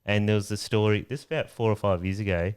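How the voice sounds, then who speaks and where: A man's voice: fairly low pitch, fairly even intonation, quick pace, darkish tone, clear, resonant tone. An Australian man co-hosting a fishing podcast in a studio, asking questions and teasing the guests in casual chat. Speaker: podcast co-host.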